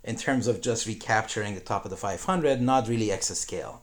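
A lower-pitched man co-hosting a tech podcast. He lays out his points in an agreeable, analytical manner, in a relaxed chat. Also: a little fast. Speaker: podcast co-host.

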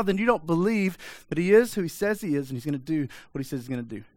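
A man's voice: fairly high pitch, fast talker, few pauses, no room sound, clean studio sound. A man preaching a sermon, pressing his listeners with repeated rhetorical questions in a direct, urgent manner. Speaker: pastor.

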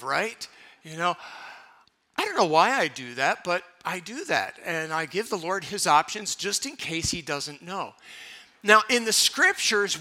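A man's voice: high-pitched, sharp tone. A man preaching a conversational sermon in a church, leading the congregation in repeating phrases. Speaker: pastor. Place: church sanctuary.

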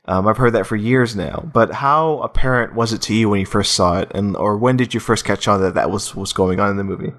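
A man's voice: fairly low pitch, a little fast, hardly any pauses, fairly bright tone. Rambling man hosting a casual film chat. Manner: rambling, full of restarts and "you know".

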